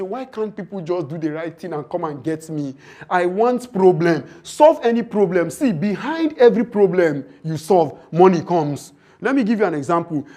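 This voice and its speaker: A man's voice: a little high, dark tone. A man giving a motivational training lecture, full of rhetorical questions and acted-out dialogues. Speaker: leadership and finance trainer.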